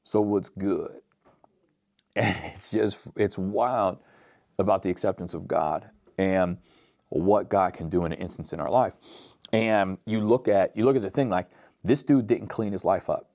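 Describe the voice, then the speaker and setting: A man delivers a casual, conversational sermon full of slang. His voice sits very low, and the recording is close and dry with no room sound. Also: unhurried, a little mellow, dry recording. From Pittsburgh, USA. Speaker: pastor.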